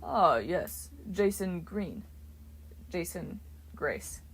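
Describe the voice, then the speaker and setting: A woman voicing a grumpy male wine god who talks in a slow, lazy drawl. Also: on the low side, sing-song, gravelly, husky, full character voice.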